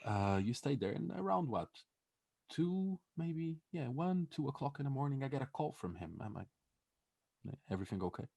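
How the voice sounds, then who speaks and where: In a mid-range, warm, sing-song voice with vocal fry, a young podcast co-host spins a story at a moderate pace, playing it for laughs. He swears plenty, laughs often and voices the people in the tale. The recording has no echo.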